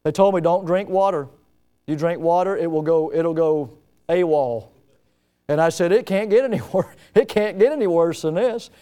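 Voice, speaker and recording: A man preaching a sermon as pastor, telling stories and acting out scenes with lively emphasis. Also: a little high, normal speed. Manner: storytelling preacher, animated, acts out scenes.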